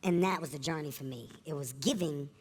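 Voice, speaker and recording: A man telling candid stories in an interview as a comedian guest, earnest and animated, at a live event before an audience. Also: fairly high pitch, fairly quick, husky.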